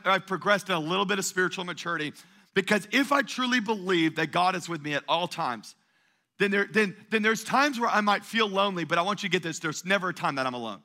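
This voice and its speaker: A male pastor delivering an energetic sermon in a church, calling on the congregation to answer back. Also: high voice, a little fast. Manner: call-and-response preaching, energetic and emphatic.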